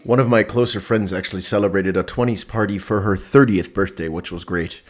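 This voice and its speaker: A man's voice: on the low side, brisk. A man co-hosting a live stream, upbeat, reading out viewer comments and laughing easily. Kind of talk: casual live-stream chat.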